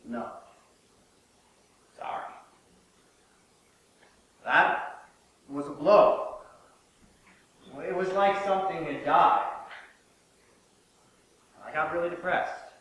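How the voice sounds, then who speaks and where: A man's voice: on the high side, very slow, pauses often. Reassuring man, distant and echoey. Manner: calm, reassuring. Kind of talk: staged conversation. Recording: echoey room, mic at a distance, faint hiss.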